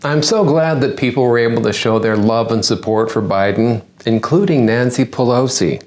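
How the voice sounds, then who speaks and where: A man delivers a satirical news monologue in a middle-pitched voice. He lands sarcastic punchlines one after another, like a stand-up comic running through the day's headlines. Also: normal speed. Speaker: comedian hosting a news-parody segment.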